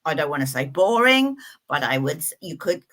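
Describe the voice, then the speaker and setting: Bright-voiced chatty tarot reader. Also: female voice, low voice, sing-song, moderate pace. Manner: chatty and playful, rambling asides. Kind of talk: casual live-stream reading.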